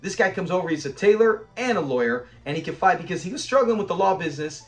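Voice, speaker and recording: A man's voice: sits high, animated, fast talker, soft background music. A man casually reviewing a classic sitcom episode, enthusiastic, quoting the characters and laughing often. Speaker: show reviewer.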